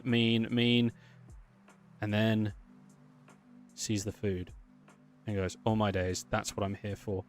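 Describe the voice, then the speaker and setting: In a mid-range, slightly bright voice, a man chats casually and upbeat while livestreaming his animation work, thinking out loud as he goes.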